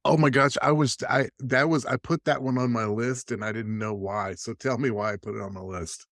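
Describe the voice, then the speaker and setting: A man's voice: medium pitch, fairly even intonation, a little fast, vocal fry, a bit bright, dry recording. Casting: jokey podcast co-host, man, dry close sound. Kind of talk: casual podcast chat.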